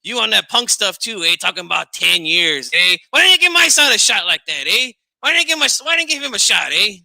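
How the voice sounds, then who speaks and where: A man's voice: sits high, very animated, fast talker, gravelly, bright, forceful tone, no room sound, full character voice. A man doing a comedic impression of a brash, combative older Chicano boxing dad, with a Chicano English accent, who ends nearly every line with "eh?" and "Holmes.". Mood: defiant. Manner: indignant, trash-talking.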